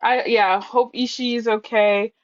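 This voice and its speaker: A woman co-hosting a casual chat podcast, blunt, wry and freely profane. Her voice sits fairly high. The audio is dull and lo-fi. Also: steady tone, measured pace, dry recording. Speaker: podcast co-host.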